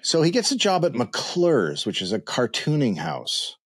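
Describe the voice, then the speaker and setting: A man hosting a comedy podcast, narrating a history story in a dry, deadpan way. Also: medium pitch, measured pace, breathy edge.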